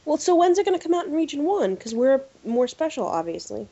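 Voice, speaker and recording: A woman from the United States hosts a casual podcast, spinning an anecdote with animated delivery and plenty of fillers. Her voice sits fairly high. The recording is dull and lo-fi. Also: fairly quick. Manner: animated storyteller, lively filler-heavy delivery. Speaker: podcast host. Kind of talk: casual chat, anecdote telling.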